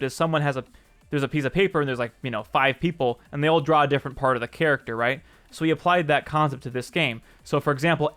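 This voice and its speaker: A man's voice: mid-range voice, fairly bright tone. A man casually chatting with his live-stream audience, answering viewers by name, joking, and correcting himself as he goes. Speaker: streamer and game developer.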